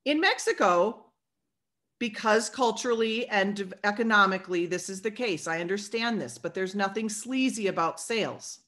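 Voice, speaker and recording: Bright, energetic woman giving a sales pep talk. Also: medium pitch, moderate pace. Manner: energetic, preachy, plays out sales dialogue. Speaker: sales team leader. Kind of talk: motivational talk.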